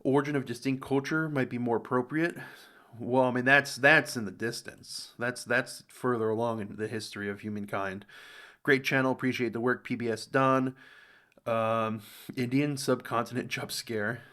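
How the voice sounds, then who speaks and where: An American man talks through a reaction video in loose, rambling commentary. His voice sits in an ordinary middle pitch but leaps up high when something surprises him. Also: normal speed. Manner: rambling, thinks aloud, animated jumps in pitch. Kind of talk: casual commentary reading comments.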